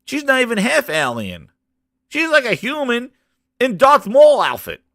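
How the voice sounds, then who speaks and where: A man hosting a gaming channel, ranting about a show in an animated, mocking way and jumping up into high shouts. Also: a little slow, vocal fry, no echo, studio quality.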